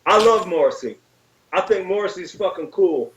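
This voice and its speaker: A man's voice: high voice, animated, moderate pace, a bit bright, far from the mic, low-quality recording. A man guest chatting casually on a video call, emphatic and opinionated, swearing freely. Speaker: interview guest.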